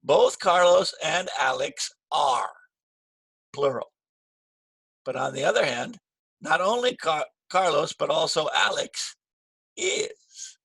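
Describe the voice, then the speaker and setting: A man teaching an English grammar lesson, slow and patient, repeating key phrases with stress. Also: a little high, sing-song, creaky, fairly bright tone, slightly rough, no room sound.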